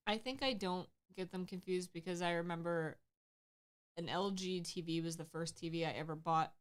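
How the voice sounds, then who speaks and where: A woman chatting on a livestream in a slightly low voice. She talks candidly and easily, with light laughs slipping into her sentences. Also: moderate pace, clear, resonant tone. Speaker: livestream co-host. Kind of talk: casual chat on a livestream.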